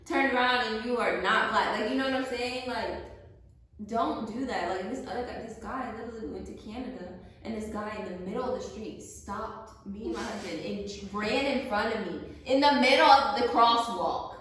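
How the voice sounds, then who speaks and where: Brief: young woman host, casual animated chat, a bit high, distant mic in a reverberant room. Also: normal speed, a little hiss or hum. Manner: animated storytelling, frequent "like", laughs. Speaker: vlog host. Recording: echoey room, away from mic.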